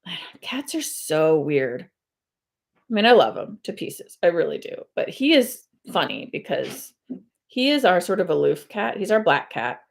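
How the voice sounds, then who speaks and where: The host of a cross-stitch video channel chats casually at home on a live stream while she stitches. Her lowish voice is sing-song and creaky at normal speed, and she rambles with many fillers and self-corrections.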